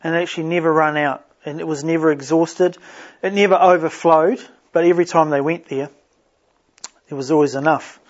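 A man leading a Bible study, reading scripture and explaining it in an unhurried way with frequent restarts. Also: a little high, fairly even intonation. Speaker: pastor. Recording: dull lo-fi sound.

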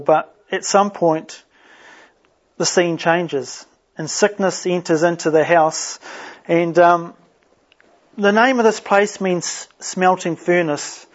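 A man teaches a Bible study at an unhurried pace, often restarting his sentences. His voice sits high, and the recording sounds dull and lo-fi. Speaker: pastor.

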